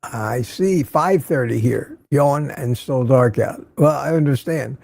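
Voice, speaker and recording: A man's voice: mid-range voice, takes it slowly, creaky, darkish tone, no room sound. An older man hosting a casual morning livestream, chatting and greeting viewers by name as he reads their comments. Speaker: livestream host.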